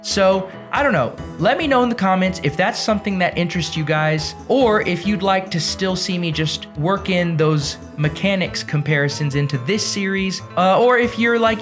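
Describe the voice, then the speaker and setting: A young man talks through his game in a lively, sing-song way, his pitch sitting a bit high for a man and bouncing all over. He's chatty and playful, flipping from excited bursts to quiet muttering. Soft music plays faintly underneath. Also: moderate pace, few pauses. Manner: chatty, playful, jumps between excited and mumbling. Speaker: gaming video host. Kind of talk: casual gameplay commentary.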